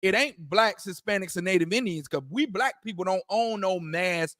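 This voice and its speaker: A man's voice: sits high, moderate pace, fairly bright tone, dry recording, studio quality. A man leading a religious discussion, preaching in a casual way, often asking "you understand?" and restarting his words. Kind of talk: preaching-style casual talk.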